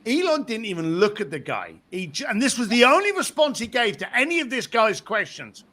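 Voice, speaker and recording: A man being interviewed about his book tells stories with a bright, sharp edge to his voice. He sits fairly high and swings his pitch widely. He slips into impressions of the people he describes. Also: very animated, fairly quick. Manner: acts out other people's voices while telling anecdotes. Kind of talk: animated storytelling in conversation.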